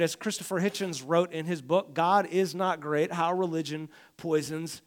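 A man pastor preaching a conversational sermon, swinging from quiet to loud and acting out complaining voices. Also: on the high side, moderate pace, hardly any pauses. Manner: conversational preaching, rising and falling in volume, acts out complaining voices.

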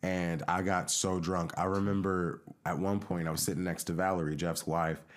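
This podcast co-host speaks in a low register and keeps a moderate tempo as he spins a lengthy personal anecdote during relaxed conversation. Bringing the story to life, he performs the quoted voices of each person involved.

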